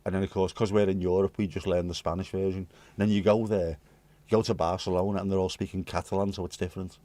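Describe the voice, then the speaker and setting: A British livestream host from the UK talks fast in a low, dark, flat-sounding voice with no echo. Casually addressing live chat readers, he rambles cheekily through their messages with jokes and swear words.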